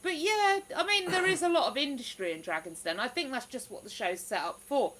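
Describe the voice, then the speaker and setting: A woman's voice: sits high, animated, a little fast, fairly bright tone, rough recording. A woman hosting a livestream, chatting casually and reading out viewer comments with frequent exclamations. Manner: chatty, exclamatory, lots of "ooh". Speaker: livestream host.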